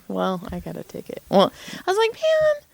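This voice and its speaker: A woman in her thirties, a podcast co-host telling a story in casual chat, animated, swearing freely and laughing often. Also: mid-range voice, a little fast, vocal fry.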